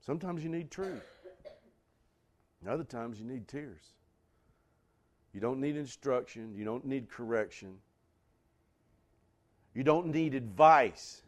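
Man, pastor, lively pitch, folksy sermon, sudden loud bursts. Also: takes it slowly, long pauses.

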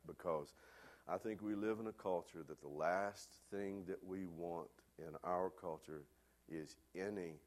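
A man preaching a sermon, telling a lively personal story before turning to a quieter, earnest point. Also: rumbling low. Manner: animated storyteller, loud hollering peaks. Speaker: pastor.

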